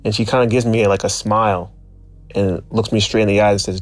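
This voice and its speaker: A man's voice: lowish voice, fairly even intonation, fairly quick, soft background music. A man casually telling a personal story, reflective and searching for his words. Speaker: guest storyteller.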